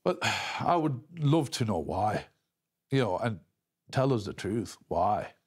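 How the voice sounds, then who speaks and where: A man giving an emotional news interview, talking haltingly with many restarts and repeated words. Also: fairly low pitch, big pitch swings, slightly rough. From England.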